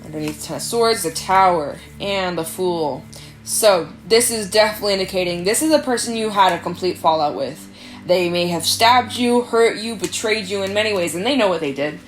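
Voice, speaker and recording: A woman giving a casual tarot reading, chatty and animated, swearing freely and acting out quoted voices. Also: mid-range voice, moderate pace. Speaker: tarot reader. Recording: faint background music.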